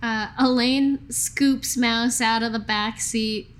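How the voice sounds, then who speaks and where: A young woman playing a tabletop role-playing game, lively and giggly as she describes her character. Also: a little high, soft background music. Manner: lively, giggly, quick to jump into voices. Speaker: player. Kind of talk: tabletop role-play, casual.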